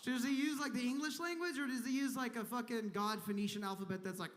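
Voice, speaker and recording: A man's voice: very high-pitched, fairly even intonation, fast, hardly any pauses, a bit bright. A man from Kentucky doing a crude, rambling stand-up set on a convention stage, slipping into voices for the people he talks about. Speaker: stand-up comedian. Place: large convention hall stage. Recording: long hall reverb.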